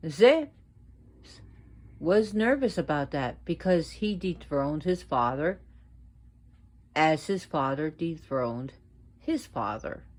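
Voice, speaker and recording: A woman presenting a casual educational video at home, talking slowly and deliberately and repeating words for emphasis. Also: low voice, lively intonation, a little mellow. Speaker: video presenter on mythology and witchcraft. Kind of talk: casual educational talk to viewers.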